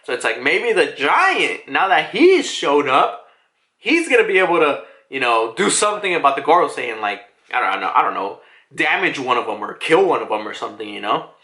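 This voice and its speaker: A man casually recapping a manga chapter, excitable and laughing, with frequent swearing. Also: medium pitch, a little fast. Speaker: manga reviewer. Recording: roomy echo.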